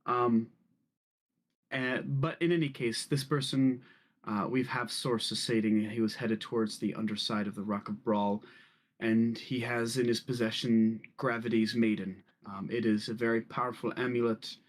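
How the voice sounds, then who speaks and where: A man voicing a proud, formal male corporate official who speaks slowly and politely in a tabletop game. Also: mid-range voice, steady tone, natural voice.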